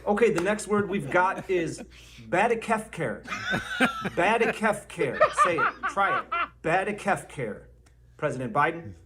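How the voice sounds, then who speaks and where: A man's voice: high voice, sing-song, moderate pace, pushed and bright, slight background noise. A man narrating a comedy video as a mock teacher, drawing out his examples. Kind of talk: mock lesson.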